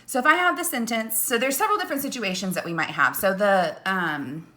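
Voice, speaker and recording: A woman teacher explains a lesson to young students in a bright, clear voice. She goes slowly and patiently, checking in with "okay?" and "right?" after each step. She turns away at times to write on a board, so her voice moves off the mic. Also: mid-range voice.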